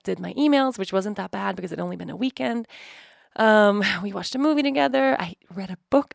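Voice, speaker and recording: A woman hosting a podcast, telling a personal travel story in a chatty, animated way and acting out her own thoughts. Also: medium pitch, vocal fry, no echo, clean studio sound. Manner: chatty, animated retelling with quoted inner thoughts. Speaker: podcast host.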